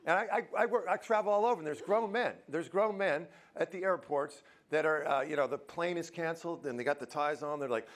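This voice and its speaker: Speaking briskly with hardly any pauses, a man with a slightly high voice delivers a motivational talk live at a university auditorium. He's animated and jokey, putting questions to the crowd.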